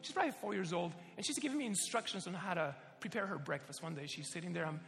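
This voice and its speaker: A man preaching a sermon, telling personal stories in an animated way and laughing often. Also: high voice, fast, gravelly, big-room sound, faint music behind.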